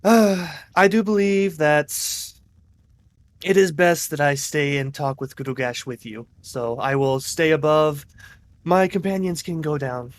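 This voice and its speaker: A man's voice: on the high side, a little slow, close to an everyday voice. A man voicing a cat prince who speaks formally in an affected regal accent. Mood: diplomatic. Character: soft-spoken cat prince, putting on regal airs.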